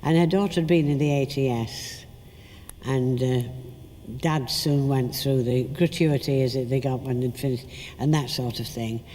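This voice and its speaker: A woman's voice: extremely low pitch, normal speed, warm tone, big-room sound, a little hiss or hum. Older woman telling stage anecdotes. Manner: chatty anecdotal, acts out quotes. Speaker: actress recalling her career. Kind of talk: storytelling interview.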